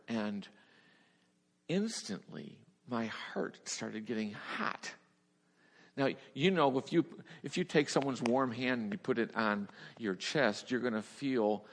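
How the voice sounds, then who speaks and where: Male preacher, mid pitch, testimony storytelling with hushed lows and laughing highs, reverberant hall. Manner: storytelling, swings from hushed to laughing high bursts. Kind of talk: sermon testimony.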